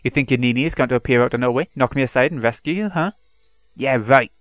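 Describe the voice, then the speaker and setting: A man's voice: mid-range voice, fast talker, dry recording, natural voice. A man reading the lines of a vengeful teenage girl tormenting her captive, in a cold, mocking manner, in his own voice. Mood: taunting.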